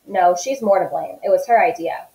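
Lady reading shy hurt little boy from a storybook, quiet, roomy echo. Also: on the low side, normal speed, lightly acted. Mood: subdued. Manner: quiet, reluctant. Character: shy hurt ten-year-old boy.

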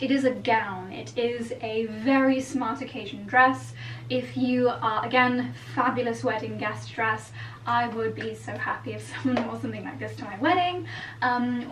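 A woman fashion vlogger chatting through a try-on haul, gushing with effusive praise and light laughs. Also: a little high. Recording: roomy echo, distant mic, faint hiss.

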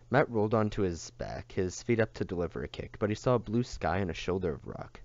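A man reading a novel aloud in a steady, unhurried way, on a dull lo-fi recording. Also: deep voice, creaky. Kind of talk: audiobook reading.

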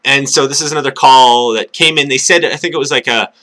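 A man talking casually to camera, alone indoors, swearing often and trying to speak up from a quiet mumble. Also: mid-range voice, quick pace. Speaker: vlogger.

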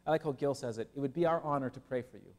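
A man preaching a sermon as pastor, animated and lively, with humorous asides to his listeners. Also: mid-range voice, rapid-fire. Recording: long hall reverb.

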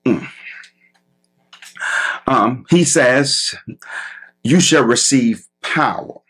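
A man preaching a sermon as pastor, stretching out emphatic phrases with a husky voice. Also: medium pitch, drawn-out words, fairly bright tone.

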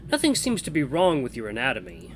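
A man's voice: mid-range voice, huge pitch swings, fast talker, faint music behind. A man voicing a grumpy, impatient male scientist who speaks curtly and dismissively. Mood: analytical. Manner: curt and dismissive.

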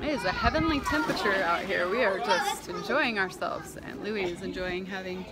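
A woman's voice: mid-range voice, expressive, moderate pace, over a noisy crowd. A woman in her thirties hosting a family vlog, bubbly and affectionate, slipping in French words. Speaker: mother and vlog host. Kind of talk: casual family vlog narration.

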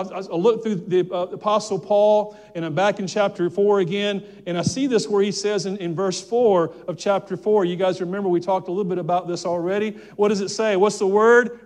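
A man's voice: high-pitched, darkish tone. A pastor preaching a sermon in church, earnest, often restarting his words and calling on the congregation to answer back. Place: church sanctuary.

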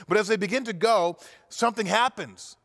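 High-voiced man preaching in a reverberant church. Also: fairly quick, fairly bright tone. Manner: vivid retelling with acted-out cries and frequent restarts. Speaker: pastor. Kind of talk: sermon storytelling.

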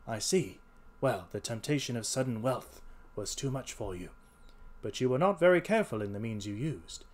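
A man voicing a calm, shrewd detective who speaks in a measured, composed way. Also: mid-range voice, close to an everyday voice. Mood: accusing. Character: calm, shrewd male detective, stern at times. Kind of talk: read-aloud character voice.

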